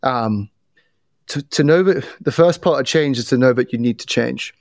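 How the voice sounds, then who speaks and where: Middle-aged man, podcast guest, animated storytelling, frequent restarts, dry close sound. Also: mid-range voice, moderate pace, no room sound. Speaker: podcast guest, bias trainer. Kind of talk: casual interview talk.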